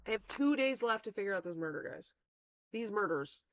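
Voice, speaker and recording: A woman's voice: medium pitch, lively intonation, brisk, dull audio. Woman thinking aloud over a game. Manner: chatty, self-mocking, thinks aloud. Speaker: streamer playing a detective game. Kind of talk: casual let's-play commentary.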